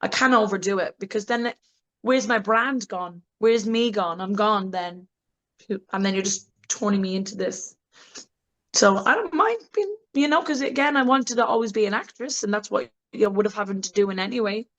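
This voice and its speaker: A woman, an adult film actress, being interviewed in a candid casual chat, talking bluntly, laughing often and mimicking voices with big pitch jumps. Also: lively intonation, moderate pace, fairly bright tone, low-quality recording.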